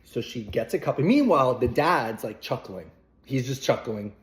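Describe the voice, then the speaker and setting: A man's voice: mid-range voice, expressive, normal speed. A man casually telling a rambling, chatty anecdote to the camera, with playful asides. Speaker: vlogger.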